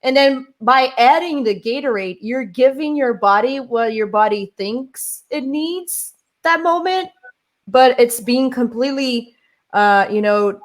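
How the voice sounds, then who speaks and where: A woman from Brazil with a Brazilian Portuguese accent, chatting casually and telling stories with lots of restarts. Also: on the high side. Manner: animated storytelling with many restarts. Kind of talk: casual chat.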